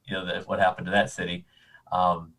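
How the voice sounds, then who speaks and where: Guy telling a story at a con panel, casual and animated, trips over his words a lot. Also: sits low, brisk, low-quality recording. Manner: animated anecdotes, frequent restarts. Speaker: convention guest.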